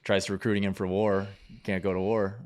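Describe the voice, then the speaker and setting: Podcast host, man, lowish voice, loose and casual, curses as he talks. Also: fairly quick. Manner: relaxed, swears casually, storytelling. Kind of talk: casual interview.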